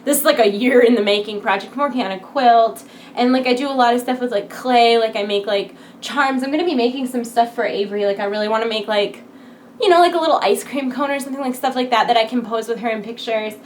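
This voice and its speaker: A woman's voice: on the high side, fast, a little hiss or hum. A woman in her twenties chatting casually to camera from home, full of filler words. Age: 20s. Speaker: vlogger. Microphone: computer desk setup.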